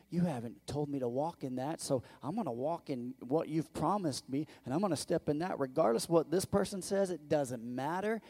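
A male pastor preaching a conversational sermon, asking the congregation questions and acting out quoted voices, moving between loud bursts and quiet low asides.

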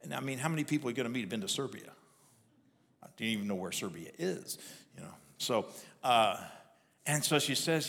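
A man's voice: medium pitch, animated, fairly quick, vocal fry, a bit bright. Man preaching in a ringing church hall. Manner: conversational preaching with repeated restarts. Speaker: pastor. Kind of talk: sermon. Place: church sanctuary.

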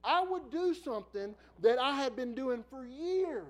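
High-voiced middle-aged man preaching. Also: measured pace, low-quality recording. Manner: lively storyteller who laughs often and swings from quiet asides to loud bursts. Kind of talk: sermon with personal storytelling.

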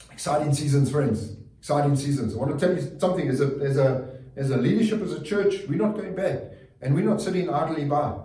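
A man's voice: fairly high pitch, warm tone. A man preaching a sermon as a pastor, earnest and repetitive, often restarting his phrases. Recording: roomy, distant mic.

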